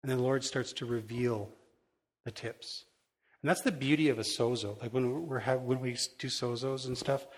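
A man's voice: mid-range voice, breathy edge. Middle-aged man preaching conversationally. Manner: casual storytelling with frequent restarts; self-deprecating and candid. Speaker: pastor. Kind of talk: conversational sermon.

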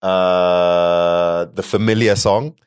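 Deep-voiced man interviewing casually. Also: steady tone, very slow, clear, resonant tone, no room sound, studio quality.

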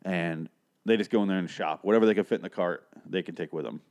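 Man, lowish voice, casual recap, rambling, profane, sarcastic. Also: quick pace, a little mellow. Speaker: show recap host. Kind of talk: casual episode recap and rant.

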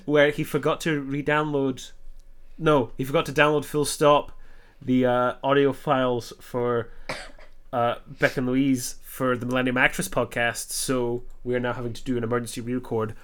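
A man hosting a podcast in casual chat, quick and self-mocking, with hesitant fillers. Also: medium pitch, little pitch movement, fairly bright tone, clear, resonant tone. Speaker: podcast host.

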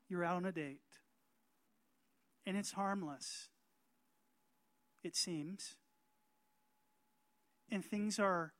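Man, pastor, sermon, slow deliberate delivery, dry close sound, emphatic. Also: a little high, no room sound. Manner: emphatic, rising to loud calls for amen.

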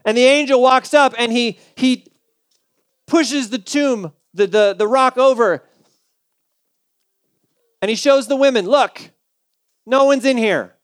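A man's voice: extremely high pitch, a little slow, long pauses, smooth, no room sound. A male pastor preaching a sermon in a conversational, humorous storytelling way.

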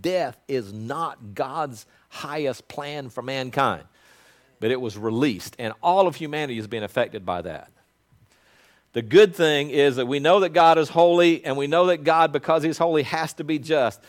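A male pastor preaching a sermon in an earnest, conversational way that swells into loud proclamation. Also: mid-range voice.

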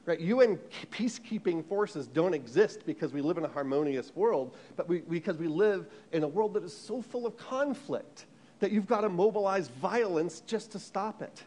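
A man from the United States preaching an animated sermon, telling a story with frequent restarts and repeated words. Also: sits high, normal speed.

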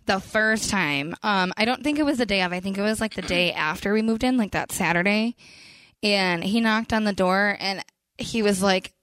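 A young woman from Western New York co-hosting a podcast, telling stories casually and quickly, acting out quotes and swearing freely. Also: medium pitch, fairly bright tone, no room sound. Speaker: podcast co-host. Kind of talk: casual storytelling chat.

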